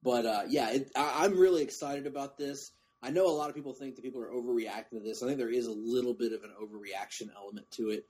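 A man's voice: mid-range voice, fast talker, hardly any pauses, darkish tone, breathy edge. A man hosting a podcast, chatting casually and restarting sentences as he goes. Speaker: podcast host. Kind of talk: casual chat.

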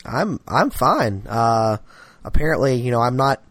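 A man's voice: medium pitch, big pitch swings, measured pace, fairly bright tone, dry recording. A man co-hosting a casual podcast, with dry, sarcastic ribbing. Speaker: podcast co-host. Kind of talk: casual comedic podcast chat.

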